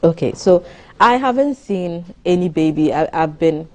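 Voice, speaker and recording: A woman, a doctor giving measured advice on a morning TV show. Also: lowish voice, animated. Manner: explanatory, measured, advisory. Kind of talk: studio interview on a morning TV show.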